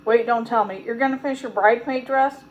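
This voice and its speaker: A woman reading aloud voices a weary young bride-to-be sister speaking in a hush. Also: fairly high pitch, fast, highs cut off, a little hiss or hum, lightly acted. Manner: hushed, weary.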